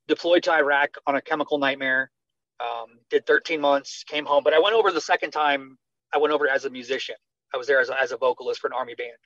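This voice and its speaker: A retired army medic from the United States is the guest in a conversational storytelling interview, speaking quickly in a mid-range voice with no room sound. He's animated and acts out quoted dialogue, and the recording is slightly dull and dry.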